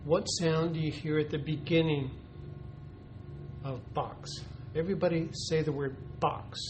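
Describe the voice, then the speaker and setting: A man with a fairly high voice walks through a classroom teaching technique, pausing often with ums and uhs as he explains. The recording carries a clear layer of background noise. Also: fairly even intonation. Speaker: teacher educator. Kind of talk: instructional demonstration. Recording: noisy recording.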